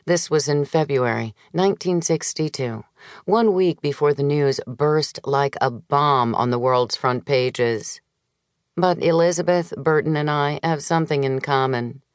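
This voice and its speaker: A woman narrating a memoir audiobook in a measured, wry storytelling manner, recorded close on a studio mic. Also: low-pitched, clear, resonant tone, dry recording.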